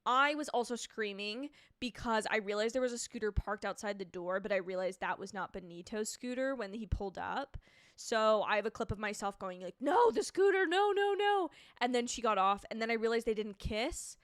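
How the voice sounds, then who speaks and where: An excitable young woman hosts a live reaction stream, gushing and rambling as she answers viewer comments. Her voice sits in a middle range for a woman. The sound is dry and close, with no room echo. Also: mid-range voice, brisk, smooth. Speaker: TV reviewer hosting a live stream.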